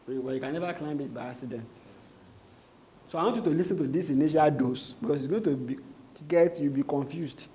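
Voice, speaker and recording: A man's voice: on the high side, a little mellow, a little hiss or hum. Nigerian man coaching a sales team. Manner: quizzes the room, repeats points, slips into Pidgin. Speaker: sales trainer. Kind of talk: live training talk to a group.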